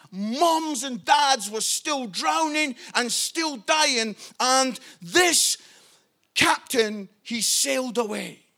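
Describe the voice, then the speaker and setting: A man preaching a passionate sermon as pastor, building to shouted appeals. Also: very high-pitched.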